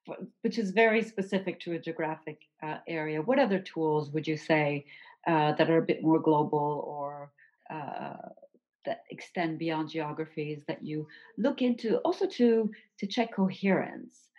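A woman's voice: deep voice, a little slow, a little mellow. A woman hosting an interview, asking long, winding questions. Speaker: host. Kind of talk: interview conversation. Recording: slightly dull lo-fi audio.

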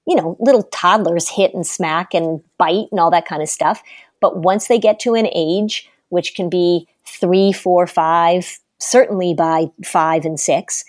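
A woman's voice: on the low side, a little slow, a little mellow, no echo. Woman, parenting advice, casual chat, emphatic, everyday examples, dry recording. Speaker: parenting expert.

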